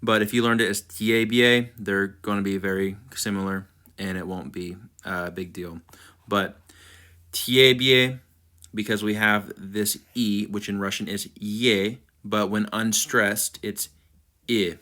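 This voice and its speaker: A man walks choir singers through pronunciation, repeating each syllable with patient care. His voice is low-pitched but bright and forward in tone, and he keeps a slow, unhurried pace. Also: level tone. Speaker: choir diction instructor. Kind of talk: instructional diction walkthrough.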